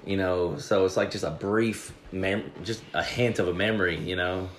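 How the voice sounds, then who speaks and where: Deep-voiced pastor telling wedding stories. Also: male voice, normal speed, slight background noise. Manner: animated storyteller. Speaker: pastor, podcast guest. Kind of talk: casual interview chat. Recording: echoey room.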